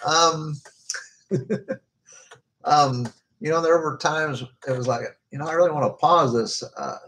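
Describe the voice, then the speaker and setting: A man co-hosting a podcast, reviewing movies in a casual, hesitant way with lots of filler pauses. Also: a little high, fairly bright tone, rough recording.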